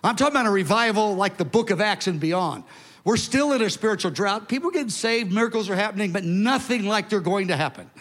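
A man in his seventies preaching a sermon to his church, telling a story in an animated, emphatic way with conversational asides. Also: sits high, fast talker. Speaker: pastor. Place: large church hall. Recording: long hall reverb.

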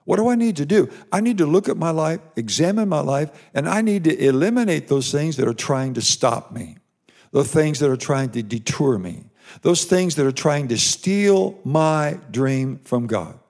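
A man's voice: on the high side, expressive, moderate pace, a little mellow. A pastor preaching an emphatic sermon, repeating short phrases for emphasis as he speaks to his congregation and online viewers.

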